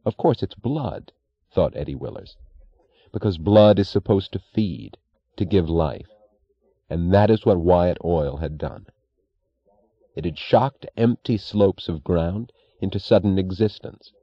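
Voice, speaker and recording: A man narrating a novel as an audiobook, measured and expressive. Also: deep voice, husky, dry recording, muffled recording.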